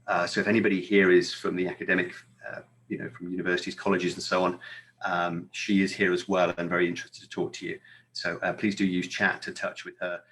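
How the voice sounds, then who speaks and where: A man's voice: low voice, little pitch movement, fast talker, fairly bright tone. A man from the United Kingdom with a British accent, giving an upbeat, chatty conference presentation with frequent fillers. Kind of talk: webinar presentation.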